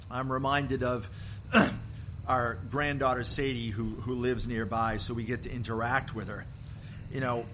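An older man, a grandfather, giving a sermon as pastor, speaking gently and acting out short quoted lines. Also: mid-range voice, a little hiss or hum. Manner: slow, gentle storytelling with quoted voices.

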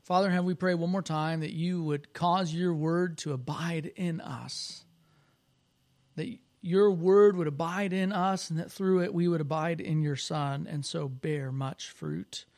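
A man preaching a sermon as pastor, praying and telling a story in an animated, expressive way. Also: fairly high pitch, a little slow.

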